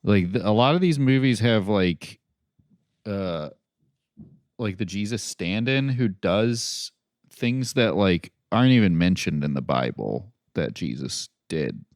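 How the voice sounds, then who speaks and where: Low gravelly man in casual chat. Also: animated, slow, darkish tone, no room sound, studio quality. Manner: laid-back, hesitant with many fillers. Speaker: podcast co-host.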